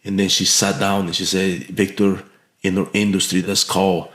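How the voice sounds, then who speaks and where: A man's voice: low voice, flat delivery, moderate pace, fairly bright tone. A man from Mexico telling a heartfelt story as a podcast guest, earnest and full of restarts and fillers. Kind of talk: storytelling in an interview. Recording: echoey room.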